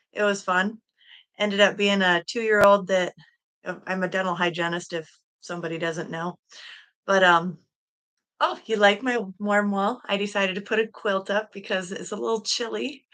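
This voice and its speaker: Bright-voiced, giggly woman livestream host. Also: medium pitch. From Michigan, USA. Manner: chatty, giggly, greets viewers by name. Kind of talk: casual solo livestream chat. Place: at home, in a room with a quilt hung on the wall.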